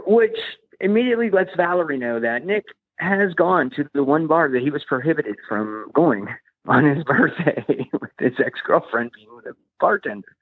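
Husky man telling a rambling story. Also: on the high side, moderate pace, dry recording. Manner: animated, laughs often, acts out quoted voices. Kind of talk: casual storytelling anecdote. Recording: tinny phone-like sound.

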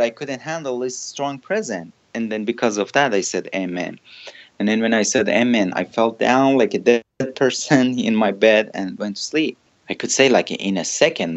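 Earnest man with an Iranian accent. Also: lowish voice. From Iran. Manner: earnest, simple non-native phrasing, chuckles now and then. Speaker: pastor, guest. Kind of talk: personal testimony in conversation.

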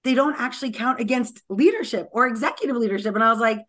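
A woman's voice: on the high side, fast. A woman being interviewed as a tech guest, talking energetically with lots of filler words. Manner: energetic and talkative, many "like" fillers. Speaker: guest technologist. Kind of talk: conversational podcast interview.

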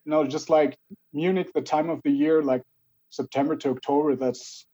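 A man's voice: fairly high pitch, steady tone, moderate pace, warm tone, breathy edge, highs cut off. A man from Germany chatting hesitantly and with self-mockery on a video call. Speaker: guest. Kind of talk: casual video call chat.

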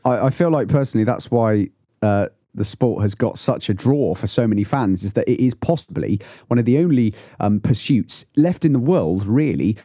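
A man's voice: medium pitch, warm tone, no echo, studio quality. A man on a podcast panel who talks earnestly, stumbling over his words and restarting often. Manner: hesitant, many restarts, earnest. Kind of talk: casual discussion.

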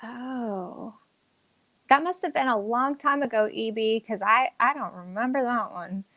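A woman's voice: a little high, measured pace, no room sound, muffled recording. A woman who acts and teaches acting, chatting upbeat and enthusiastic in an interview, with plenty of fillers. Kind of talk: casual interview chat.

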